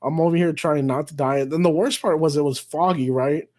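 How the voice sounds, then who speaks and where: Hosting a live stream, a man tells a story in a casual, rambling way, swearing often, restarting, and laughing at himself as he mocks his own tale. His voice sits a little high with a steady tone, a bit mellow and slightly fast.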